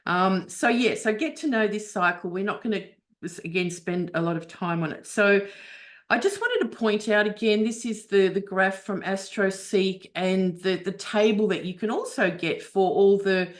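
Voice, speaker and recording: A woman's voice: medium pitch, normal speed. Woman astrology teacher, webinar explanation, chatty with fillers, video call sound. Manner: explains step by step with frequent fillers and restarts.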